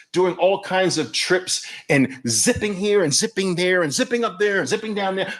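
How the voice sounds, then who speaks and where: Emphatic mocking man, fairly high voice. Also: fairly bright tone. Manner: emphatic, mocking, repeats phrases for effect. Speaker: host. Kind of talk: live audio-room monologue. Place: live online audio room.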